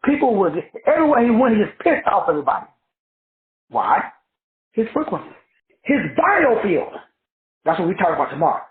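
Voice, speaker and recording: A man's voice: high-pitched, huge pitch swings, fairly quick, long pauses. A man called Doc giving a motivational class, preachy and profane, riffing in rhymes as he teaches. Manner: preachy, profane, rhyming riffs. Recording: tinny phone-like sound in an echoey room.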